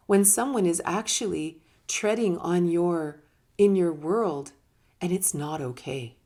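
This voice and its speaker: A woman's voice: on the low side, gravelly, a little mellow. A woman giving a conversational teaching talk on personal growth, emphatic and now and then laughing or acting out short quotes. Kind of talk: casual spoken teaching talk.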